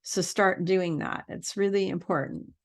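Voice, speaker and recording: Woman spiritual teacher, low-ish voice, rambling earnest vlog talk. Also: measured pace. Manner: earnest and rambling, many fillers. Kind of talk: casual spiritual vlog monologue.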